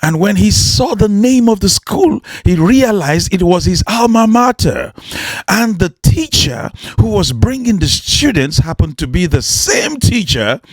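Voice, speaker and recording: A man's voice: high-pitched, animated, unhurried, no echo, studio quality. A man preaching and storytelling with emphasis, often repeating lines rhetorically. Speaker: motivational preacher.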